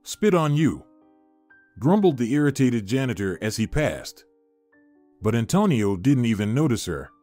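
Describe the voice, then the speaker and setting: Man narrating a story, lively delivery. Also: mid-range voice, moderate pace, dry recording, soft background music. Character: Antonio, a smitten man, calm and professional.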